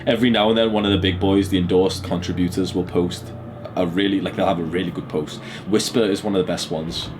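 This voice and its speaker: A man's voice: sits low, steady tone, fast talker, noisy background. A man in his twenties chatting casually as a channel host, blunt and crude and often laughing. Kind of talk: casual chat.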